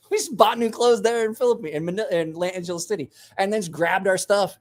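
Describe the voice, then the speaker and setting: A man's voice: high voice, quick pace, few pauses, a little hiss or hum. A man in his forties, a podcast host telling a rowdy story in casual chat, swearing, laughing and acting out the voices of the people he quotes.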